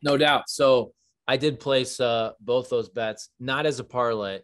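A man in his thirties, a podcast co-host and parent, talking in relaxed, rambling casual sports chat. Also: mid-range voice, measured pace.

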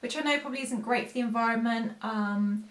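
A woman's voice: on the high side, fairly quick, a bit bright, reverberant. A woman, chatting casually and rambling to camera as a haul vlogger, poking fun at herself. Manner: chatty, rambling and self-mocking.

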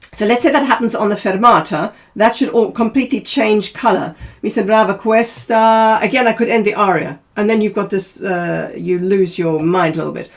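A woman coaching opera singers in a masterclass, probing and quick, humming snippets of the music as she talks. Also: medium pitch. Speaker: vocal coach.

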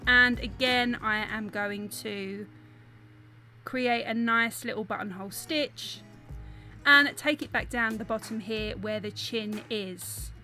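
A woman's voice: a little high, takes it slowly, sharp tone, soft background music. A young woman with a South East London accent, talking through an embroidery tutorial step by step in a chatty, apologetic way. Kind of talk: voice-over tutorial narration.

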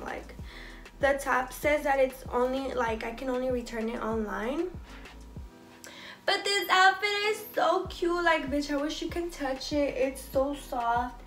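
A woman's voice: high-pitched, measured pace, fairly bright tone. A young woman, chatting casually through a clothing try-on haul, blunt and swearing constantly. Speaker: fashion vlogger. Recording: echoey room, faint music behind.

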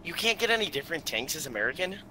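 A man chatting casually while playing a shooter with a friend, joking and yelling out loud. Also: on the high side, very animated, rapid-fire, background noise. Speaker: gamer. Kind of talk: casual gaming banter.

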